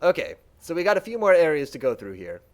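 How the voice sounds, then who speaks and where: A man streaming a game, talking casually and working through his choices out loud. His voice sits fairly high for a man. It rises and falls in a very lively way. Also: fast talker. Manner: casual, chatty, thinking aloud. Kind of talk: let's play commentary.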